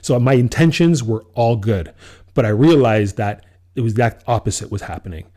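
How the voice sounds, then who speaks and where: A man co-hosting a casual podcast, telling a personal story with a dark, mellow voice. He acts out what he said to people and breaks into laughter along the way. His pitch sits in an ordinary middle range for a man. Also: a little fast. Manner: animated storyteller, acts out his own quoted lines, laughs often. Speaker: podcast co-host.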